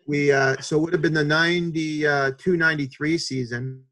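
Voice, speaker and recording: A man in his fifties, a podcast guest who tells stories in a lively way and acts out the people he quotes. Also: a little high, normal speed. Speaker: podcast guest, hockey executive. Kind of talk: storytelling.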